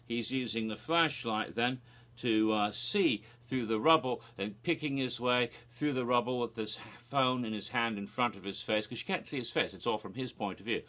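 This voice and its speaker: A man casually retelling a spooky promo video for his vlog in an animated, rambling way, with fillers and restarts. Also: mid-range voice, moderate pace. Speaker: theme park vlogger.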